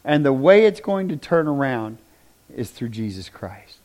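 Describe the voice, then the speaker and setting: A man with a mid-range voice preaches to a congregation at a slightly slow pace. He's animated, telling stories, acting out the people he quotes, and joking with the room before closing in prayer.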